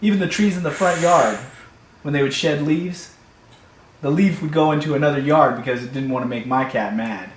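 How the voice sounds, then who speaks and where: A man telling a comic personal story in an animated, playful way, recorded in an echoey room. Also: on the high side, moderate pace. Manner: animated, playful, builds to shouts. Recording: echoey room, faint hum.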